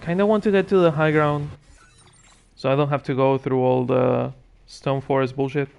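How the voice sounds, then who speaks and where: A man's voice: medium pitch, fairly even intonation, moderate pace, creaky, darkish tone, clean tone, dull audio. A man giving casual gameplay commentary as a streamer, chatting and muttering asides to himself with dry sarcasm. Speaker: gaming streamer.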